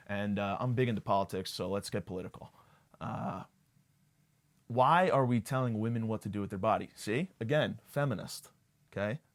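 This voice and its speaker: Young male podcast host, lowish voice, sarcastic crude rambling comedy. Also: normal speed. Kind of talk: comedic monologue.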